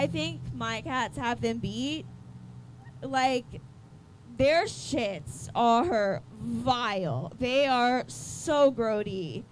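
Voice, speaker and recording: A woman's voice: on the high side, a little hiss or hum. A woman doing a stand-up set on a comedy club stage, rambling and hesitant with many fillers.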